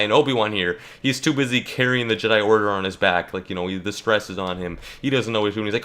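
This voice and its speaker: Young male gaming YouTuber, rambling comic rant, bright, low-ish voice. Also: fast, hardly any pauses. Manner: joking, rambling, many fillers and restarts. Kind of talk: casual rant while playing.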